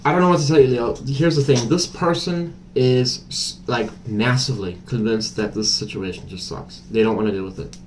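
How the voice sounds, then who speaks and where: A man giving a casual tarot reading, chatty and blunt, with a mid-range voice. He thinks out loud and fills gaps with hesitations. A faint hiss sits under the recording. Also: mid-range voice, normal speed, hardly any pauses. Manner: chatty, blunt, thinks aloud with many fillers. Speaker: tarot reader.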